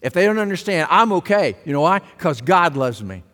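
A man preaching a sermon as pastor, emphatic and rising to loud exclamations. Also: a little high, very animated, fairly quick. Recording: long reverb of a large hall.

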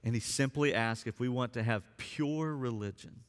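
A man's voice: medium pitch, normal speed. A man preaching a sermon as pastor, speaking earnestly and drawing out key words for emphasis. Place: church sanctuary. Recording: long reverb of a church hall.

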